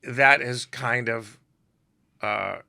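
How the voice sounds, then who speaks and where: A man's voice: mid-range voice, extremely slow, creaky, clean tone, no echo, clean studio sound. A man telling comic stories as a guest on a podcast, acting out the dialogue. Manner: animated storyteller who acts out quoted dialogue. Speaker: celebrity photographer, podcast guest. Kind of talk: comic storytelling in a podcast interview.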